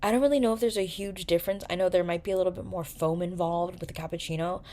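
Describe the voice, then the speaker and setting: Young woman, podcast host, casual chat, slightly low voice, lots of "like". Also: steady tone, quick pace, warm tone, a little hiss or hum. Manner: chatty, filler-heavy, rising emphatic questions.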